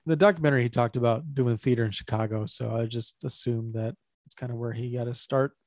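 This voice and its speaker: A man's voice: mid-range voice, steady tone, fast, a little mellow, no room sound. A man co-hosting a podcast, recapping a movie plot with wry jokes and frequent chuckles. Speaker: podcast co-host. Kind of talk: casual movie breakdown chat.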